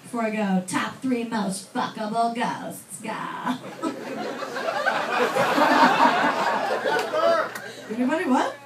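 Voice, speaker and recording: Young female stand-up, high register, rambling self-deprecating delivery; roomy far-off club sound, big crowd laughs. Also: expressive, very noisy. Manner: self-deprecating, chatty, with fillers and quick asides to the crowd. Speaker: stand-up comedian. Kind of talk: stand-up set. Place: comedy club stage.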